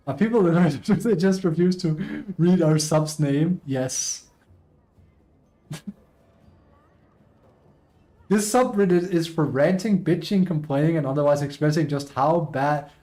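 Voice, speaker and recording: A man streaming live, chatting casually and reading posts aloud, excitable, laughing often and swearing casually. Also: a little high.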